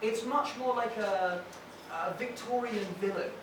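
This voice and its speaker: A man with a high voice doing a wry stand-up set at a comedy club, playing out street scenes as he talks. The sound is very echoey and a bit distant, with clear noise in the room. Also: unhurried. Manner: wry, storytelling, acting out street sellers. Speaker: comedy night host and stand-up comic. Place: comedy club stage with a live audience.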